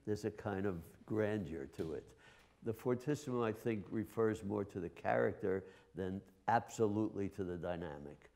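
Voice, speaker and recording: A man leads a live master class in a studio, coaching chamber players. His voice sits low with a gravelly edge. He talks in halting bursts full of filler sounds and breaks into sung syllables to show the phrasing. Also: dark tone. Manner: sings musical phrases with nonsense syllables.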